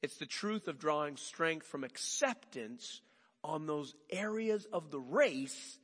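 Animated preaching man in a reverberant hall. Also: on the high side, slow, husky. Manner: animated preaching with rhetorical questions. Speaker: pastor. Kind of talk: sermon.

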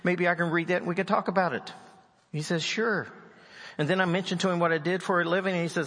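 A man's voice: high voice, steady tone, fast, a bit bright, in a large hall. A man from West Virginia preaching a sermon, telling a story and acting out the people in it. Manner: storytelling preacher, acts out the people in his stories. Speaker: pastor.

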